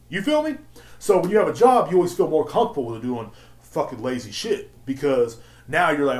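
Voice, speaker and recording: Young dude ranting on his podcast, cussing a lot, rambly, kinda high voice, echoey room. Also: lively intonation, fairly quick. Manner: profane, rambling storytelling, laughs often, acts out quotes. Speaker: podcast host. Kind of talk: casual solo rant.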